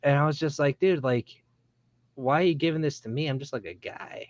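Male comic creator guest, laid-back, slightly higher voice, dry close mic. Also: a little fast, dry recording. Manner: laid-back anecdotes, acts out dialogue. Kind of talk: casual chat.

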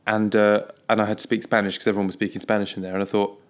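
Fast-talking chatty English man. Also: lowish voice, level tone. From England. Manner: chatty, laughs often, puts on silly voices. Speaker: podcast co-host. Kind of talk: casual chat.

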